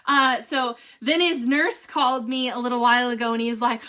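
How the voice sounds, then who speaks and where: A middle-aged woman hosts a casual vlog with a family update and a product review. Her voice is high and bright, she's animated and quick to laugh, and she says "holy cow" and "y'all."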